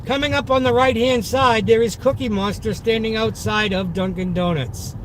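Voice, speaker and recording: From the driver's seat of his car in the city, a Massachusetts delivery driver with a thick Boston accent chats live with his stream, upbeat and boastful, talking to viewers in the chat. His voice sits high for a man, with fairly even intonation and a moderate pace. Road and engine noise rumble clearly through the noisy car interior.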